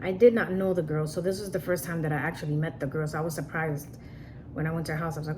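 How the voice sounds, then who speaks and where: A woman's voice: sits low, steady tone, fast, noisy background. A woman telling a personal story in a casual, earnest way, often repeating herself and restarting sentences. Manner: repetitive, earnest, frequent restarts and "like".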